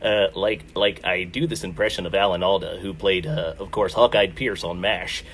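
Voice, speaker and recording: A man's voice: deep voice, steady tone, normal speed, fairly bright tone, slight background noise. A man doing stand-up at a virtual open mic, self-deprecating, with many "uh" fillers. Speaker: stand-up comic.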